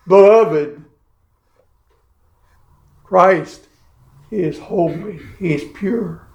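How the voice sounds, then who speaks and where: Slow, high-voiced male preacher. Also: dark tone, roomy sound. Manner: slow, measured preaching with heavy pauses and emphatic phrasing. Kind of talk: sermon.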